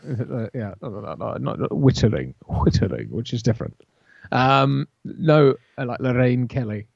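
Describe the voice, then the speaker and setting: A man's voice: medium pitch, moderate pace, vocal fry, no room sound. Hesitant, wordy British man, slightly muffled. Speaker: podcast co-host. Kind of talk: casual chat. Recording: slightly dull sound.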